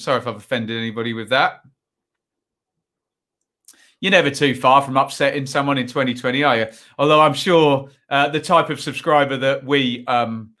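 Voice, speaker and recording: A man's voice: medium pitch, sharp tone. A man hosting a live football watchalong, giving chatty, rambling commentary full of asides and tag questions. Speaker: watchalong host.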